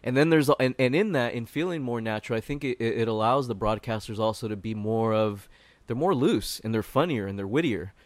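A man in casual podcast chat, laying out his views in a measured, reflective way. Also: mid-range voice, dry recording. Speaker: podcast co-host.

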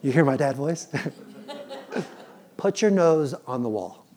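Male pastor, thirties, high voice, animated and playful sermon delivery. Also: takes it slowly. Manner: animated, playful, acts out his kids' pleading.

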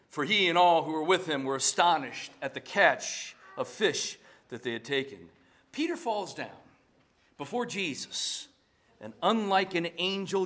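Animated high-voiced male pastor preaching. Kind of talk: sermon.

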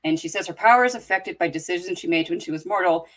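A woman's voice: lowish voice, quick pace, a bit bright. A woman in casual podcast chat, curious and full of questions.

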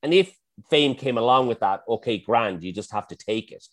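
A man's voice: medium pitch, animated, normal speed. A middle-aged man, a chef, talking casually and self-effacingly in an interview, often restarting his sentences. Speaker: chef and guest.

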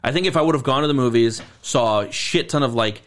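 A man's voice: medium pitch, quick pace, fairly bright tone. Wry, profane man in casual chat. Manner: wry, profane, agreeable backchannel. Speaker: podcast co-host.

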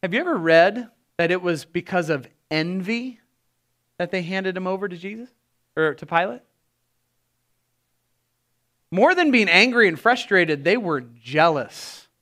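A man preaching a sermon as pastor, animated and acting out the voices he quotes. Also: high voice, measured pace, long pauses.

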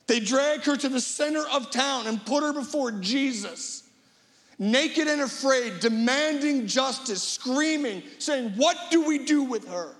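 A man's voice: very high voice, creaky, fairly bright tone, long reverb tail. A middle-aged male guest preacher giving a dramatic storytelling sermon, acting out imagined voices.

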